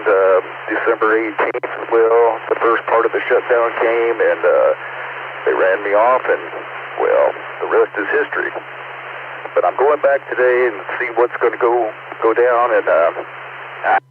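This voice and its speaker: A man with a Texan accent checks in on a ham radio net, easygoing and rambling. His voice is fairly low. It comes over a tinny radio link with a faint hiss. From Texas. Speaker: caller.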